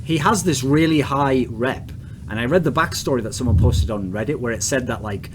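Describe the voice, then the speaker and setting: A man's voice: medium pitch, a little fast, noisy background. An English man hosting a casual podcast chat, blunt, provocative and crude in his questions. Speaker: podcast host.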